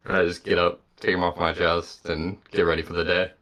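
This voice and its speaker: A man's voice: sits low, little pitch movement, brisk, a bit bright. A man playing his character in a tabletop game, polite and hesitant, often repeating words. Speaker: player.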